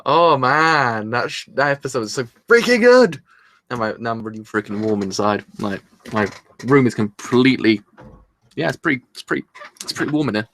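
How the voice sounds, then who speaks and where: A man doing a live reaction review from his room, rambling excitedly and swearing casually, with a sore throat. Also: mid-range voice, moderate pace, slight background noise. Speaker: anime reviewer.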